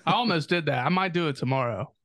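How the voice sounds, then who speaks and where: A man's voice: on the high side, expressive, fast talker, a bit bright. Rambling, foul-mouthed man in a taproom. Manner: rambling, heavy swearing, laughs often. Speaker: podcast co-host. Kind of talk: casual crude banter.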